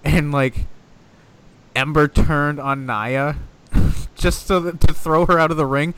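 A man's voice: fairly high pitch, steady tone, takes it slowly, fairly bright tone, clear, resonant tone. A man co-hosting a casual wrestling podcast, talking animatedly, swearing often and venting exasperated gripes. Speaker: podcast co-host.

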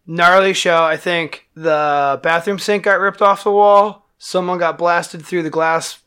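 A man, a band musician, telling a wild story in casual, profane talk, acting out the quotes loudly. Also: sits high, steady tone, unhurried, smooth.

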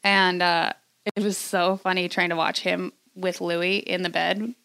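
Low-voiced laid-back woman podcaster. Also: little pitch movement, measured pace, vocal fry, a bit bright, clean tone, no echo. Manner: laid-back, chimes in with short replies. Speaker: podcast co-host. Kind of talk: casual chat.

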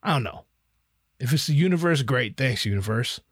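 A man's voice: medium pitch, lively intonation, moderate pace, fairly bright tone, breathy edge, no echo, studio quality. Rambling, profane male podcast host. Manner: rambling, profane, self-mocking. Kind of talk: casual monologue. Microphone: podcast headphones and mic.

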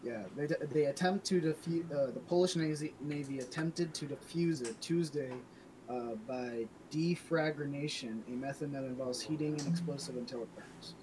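A young man co-hosting a casual podcast, hesitant, with many pauses and trailing sentences. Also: a little high, noisy background. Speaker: podcast co-host.

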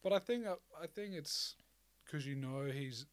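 A man's voice: fairly high pitch, lively intonation, a little slow. Australian guy, laid-back podcast banter, swears casually, dry sound with no room echo. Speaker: podcast co-host. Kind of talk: casual chat.

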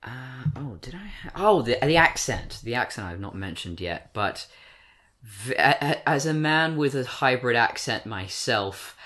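A man's voice: mid-range voice, sing-song, unhurried, pushed and bright. An English-accented man in his twenties holds a casual chat. He rambles, stops to correct himself and fills gaps with ums. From born in Britain, raised in Australia. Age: 20s. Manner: rambling, self-correcting, frequent fillers. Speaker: podcast co-host. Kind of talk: casual discussion.

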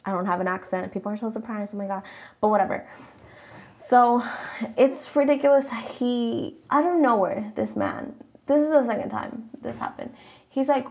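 A woman's voice: fairly high pitch, moderate pace, darkish tone. A young adult woman whose first language is Spanish, ranting bluntly and swearing freely in a casual vlog. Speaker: vlogger. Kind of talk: casual rant.

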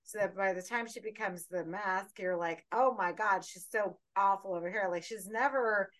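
A woman co-hosting a podcast in casual chat, telling stories in an animated way, laughing and swearing freely. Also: medium pitch, moderate pace. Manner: animated, laughing, profane storytelling. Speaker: podcast co-host.

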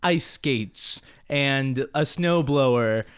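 Relaxed young man on a podcast. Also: medium pitch, clean tone. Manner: relaxed, halting, many fillers. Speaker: podcast co-host. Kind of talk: casual movie review chat.

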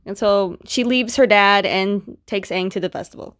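A woman's voice: mid-range voice, steady tone, normal speed, few pauses, smooth. A woman casually recapping a comic book story, chatty and full of filler words. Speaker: reviewer retelling a story.

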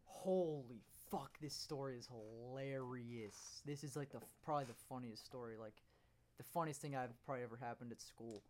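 A young man in a relaxed chat, spinning a story with lots of swearing and bursts of laughter. His voice sits at an ordinary middle pitch and he speaks loosely and casually. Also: moderate pace, a little hiss or hum.

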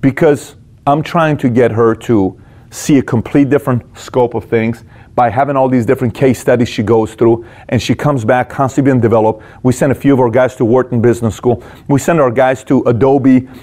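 A man's voice: medium pitch, steady tone, moderate pace, warm tone. A man who leads a company, giving a motivational business talk in a direct, punchy way, full of rhetorical questions. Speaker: business leader teaching management.

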